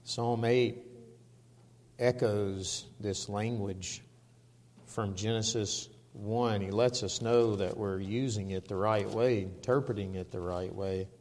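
A man preaching a sermon and reading scripture aloud, slow and emphatic. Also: fairly low pitch, steady tone, darkish tone. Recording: long reverb of a large hall.

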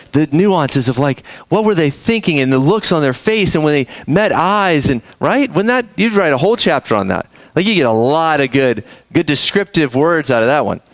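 A man preaching a sermon, telling the story with animated energy, acting out characters and speaking to the kids in the room. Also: a little high, dry recording. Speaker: pastor.

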